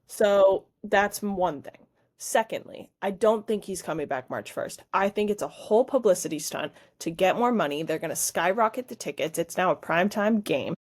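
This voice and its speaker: A woman's voice: fairly low pitch, a little mellow. Woman, podcast co-host, blunt and opinionated, casual sports talk.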